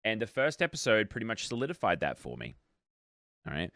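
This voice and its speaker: A man's voice: fairly low pitch, fairly quick, no echo, studio quality. A young Australian man co-hosting a podcast, chatting casually and rambling through his points. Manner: rambling, animated, self-interrupting. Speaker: podcast co-host. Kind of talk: casual chat.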